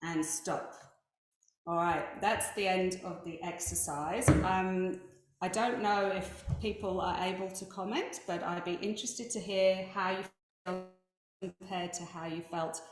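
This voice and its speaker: A woman's voice: on the low side, steady tone, measured pace. A woman facilitating a laughter wellness session over a video call, giving encouraging step-by-step cues for breathing and laughing. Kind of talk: guided group exercise instruction. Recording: very echoey online call.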